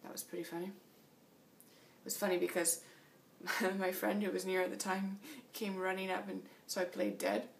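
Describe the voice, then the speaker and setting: A woman's voice: medium pitch, little pitch movement, normal speed, recorded from a distance, a little hiss or hum. Tired woman vlogging from a motel room. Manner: chatty, laughing often. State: tired after a long flight. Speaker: long-distance cyclist vlogging. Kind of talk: casual video diary.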